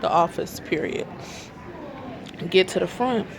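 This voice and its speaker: A woman vlogging from a hospital library, retelling a frustrating appointment in an animated, exasperated way and acting out the dialogue. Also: lowish voice, measured pace, vocal fry, a crowd in the background. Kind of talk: storytime vlog. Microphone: self-filmed camera.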